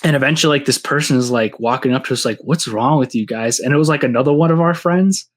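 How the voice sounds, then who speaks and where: A man's voice: fairly high pitch, racing. A man, a podcast guest telling casual stories, rambling with lots of "like" and restarts. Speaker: podcast guest, seed breeder. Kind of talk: casual storytelling.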